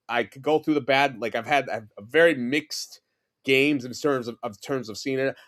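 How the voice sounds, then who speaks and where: As a guest on a podcast, a fortysomething man from New York City chats casually, spinning animated, meandering stories with plenty of fillers and restarts. He has a mid-range voice.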